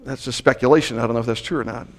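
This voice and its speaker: Male bible teacher, sermon style, explanatory, middle pitch, long reverb from a big hall. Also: steady tone, rapid-fire. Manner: explanatory, reads scripture aloud with raised emphasis. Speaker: teacher in a Messianic congregation.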